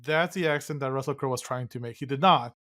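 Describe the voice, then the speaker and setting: A man co-hosting a podcast, recapping a film in casual chat with a halting, wry, rambling delivery. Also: medium pitch, bright, forceful tone. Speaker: podcast co-host.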